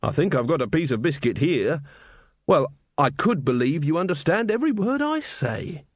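A man's voice: a little high, big pitch swings, normal speed, slightly rough, no echo. A man voicing a kindly, simple young male guard, friendly and absent-minded, recorded dry and close.

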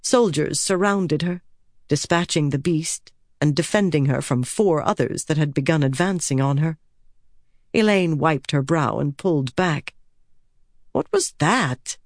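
Low-voiced woman narrating a story. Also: unhurried, darkish tone, no echo, clean studio sound. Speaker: audiobook narrator. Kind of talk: scripted narration.

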